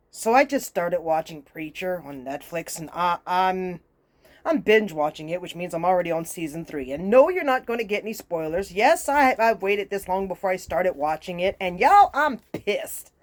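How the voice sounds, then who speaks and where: Fired-up woman ranting. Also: fairly low pitch. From Louisiana. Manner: exasperated, profane, fired-up ranting. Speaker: host. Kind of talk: ranting casual monologue.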